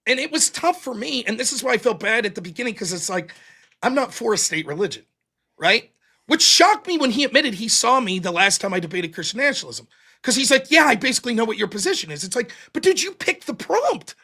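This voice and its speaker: A man talks through a debate he just had, blunt and heavy on swearing. His pitch jumps around a lot, and his tone is bright and edgy. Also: a little fast. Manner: animated, blunt, swears often. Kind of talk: casual post-debate chat.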